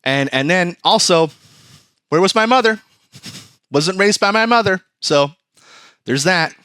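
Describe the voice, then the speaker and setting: A man's voice: sits high, expressive, a little slow, pushed and bright, smooth, no room sound, clean studio sound, voice pushed up, full character voice. A man voicing Eve as a defiant young woman making self-justifying excuses in a wheedling tone.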